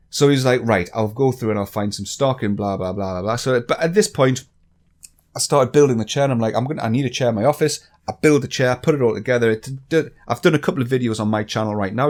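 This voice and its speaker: An English man on a vlog channel, angrily ranting and swearing with exasperation. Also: mid-range voice. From England. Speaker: YouTuber.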